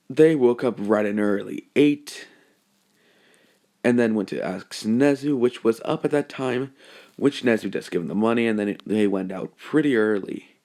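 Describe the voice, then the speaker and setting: A man's voice: on the low side, a little mellow. A young man narrating a fan story off the cuff, rambling with many fillers and self-corrections.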